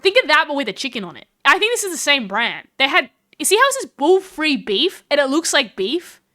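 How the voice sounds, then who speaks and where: A high-voiced woman chats casually on her live stream. She is animated, laughing often and tripping over her words. Her voice sounds bright and dry, with no room around it. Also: brisk, dry recording. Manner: chatty and animated, with frequent laughs and restarts.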